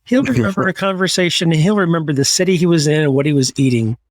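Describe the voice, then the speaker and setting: A man hosting a podcast interview, playful and teasing, with quick asides. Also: on the high side, dry recording. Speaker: podcast host. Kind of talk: casual interview chat. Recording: dry, close sound.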